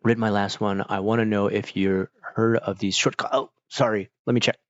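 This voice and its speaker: A man's voice: lowish voice, fairly even intonation, normal speed, dry recording, highs cut off. A man chatting casually with his stream viewers, rambling with lots of fillers while fighting off hiccups. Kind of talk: casual chat.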